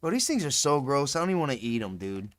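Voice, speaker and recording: A man's voice: medium pitch, big pitch swings, fast talker, a bit bright, no room sound. A man hosting a casual live stream, rambling, swearing freely and laughing often. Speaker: livestream host.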